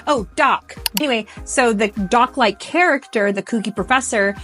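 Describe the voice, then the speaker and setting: A woman's voice: a little high, normal speed, hardly any pauses, fairly bright tone, soft background music. A young woman, a vocal coach, chatting in a bubbly, rambling way with lots of "like" as she reacts to a musical. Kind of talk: casual reaction chat.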